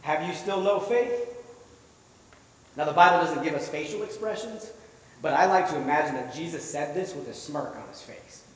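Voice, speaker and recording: A man with a slightly high voice preaches fairly quickly, vividly retelling a story and putting rhetorical questions to his listeners. He sounds far away in an echoey hall.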